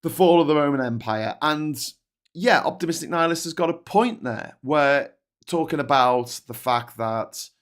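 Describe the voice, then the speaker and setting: A man's voice: on the high side, normal speed, a bit bright. A middle-aged man with a Scouse accent hosting a livestream, ranting angrily and bluntly with heavy swearing, then reading out viewer comments. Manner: angry, profane, blunt. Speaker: host.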